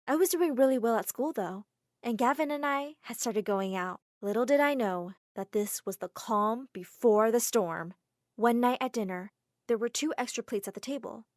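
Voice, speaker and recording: A woman's voice: fairly high pitch, no room sound, studio quality. A woman narrating a dramatic first-person story in a breathless, emotional way.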